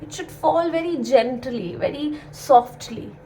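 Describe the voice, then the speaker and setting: A woman's voice: sits high, measured pace, dark tone, a little hiss or hum, low-quality recording. A young woman, explaining a play to students in an earnest, repetitive way with many fillers. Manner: earnest, repeats key points with many fillers. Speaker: teacher.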